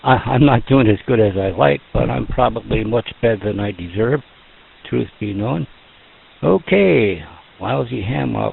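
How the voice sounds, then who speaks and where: A man's voice: medium pitch, vocal fry, breathy edge, narrow, tinny audio. A man running an amateur radio net, chatting in a folksy, joking way over a radio transmission. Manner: folksy, joking, slow and drawn out. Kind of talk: casual radio net chat.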